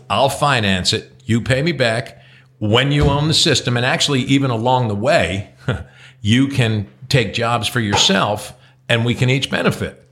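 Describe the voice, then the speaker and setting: A man's voice: medium pitch, a bit bright. A middle-aged man from New Jersey co-hosting a podcast, giving blunt opinions in casual chat and swearing freely. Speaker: podcast co-host.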